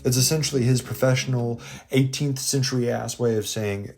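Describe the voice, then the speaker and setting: A man's voice: medium pitch, steady tone, fairly quick, gravelly, a little mellow. A man hosting a history video in casual, irreverent commentary with jokey digressions.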